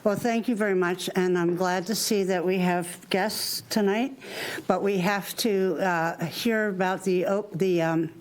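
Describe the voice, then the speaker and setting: A woman chairing a town committee meeting, slightly out of breath and halting, with many fillers. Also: fairly low pitch, fairly even intonation, low-quality recording.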